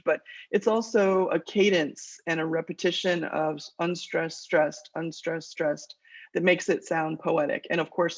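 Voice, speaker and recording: Woman teaching a literature class. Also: low voice. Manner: explains patiently, reads verse aloud with measured rhythm. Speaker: college English teacher. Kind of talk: classroom lecture with poetry reading. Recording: dull lo-fi lecture recording.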